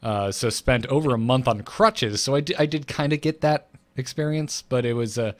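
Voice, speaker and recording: A young man co-hosts a gaming podcast in a bright, joking mood. His voice sits close and dry on the mic, with no room around it. He speaks at a middle pitch and likes to tell wry stories. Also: normal speed, no echo. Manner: playful, jumps into silly voices and jokes. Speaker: podcast co-host. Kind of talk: casual podcast chat.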